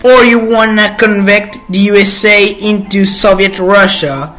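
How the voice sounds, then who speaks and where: A man's voice: high voice, a bit bright. A man hosting his own channel, delivering an indignant, opinionated monologue that halts and restarts as he goes. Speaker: channel host. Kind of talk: ranting monologue.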